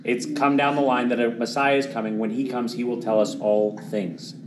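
A man preaching a sermon, earnest, often dropping to a hushed voice for dramatic moments and then pushing louder for emphasis. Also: medium pitch, level tone, moderate pace, crowd noise. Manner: earnest, swings between quiet dramatic drops and louder emphatic pushes.

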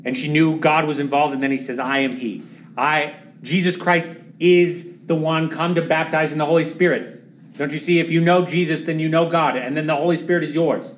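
A man preaching a sermon, earnest, often dropping to a hushed voice for dramatic moments and then pushing louder for emphasis. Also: on the high side, steady tone, fairly quick. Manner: earnest, swings between quiet dramatic drops and louder emphatic pushes.

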